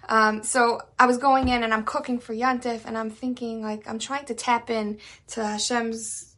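A woman's voice: fairly high pitch, little pitch movement, normal speed, fairly bright tone. A woman teaching a weekly class on the Psalms, talking earnestly and conversationally, mixing in Hebrew terms and building emphatic lists. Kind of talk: informal religious lesson.

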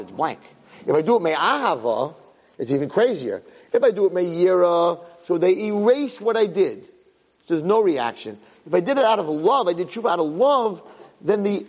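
A man giving a Torah class as a lively, emphatic storyteller who keeps jumping into character voices, in an echoey hall. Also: high voice, slightly rough. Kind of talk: animated Torah lecture with storytelling. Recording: echoey hall with long reverb.

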